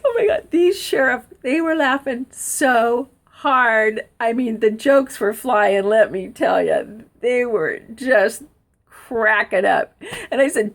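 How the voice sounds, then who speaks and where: A high-voiced middle-aged woman telling a story to camera, her pitch swooping up and down all the time. She is excitable, laughs through her lines and keeps quoting what other people said. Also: slow pace, long pauses. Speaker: vlogger telling a personal story. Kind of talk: animated storytelling.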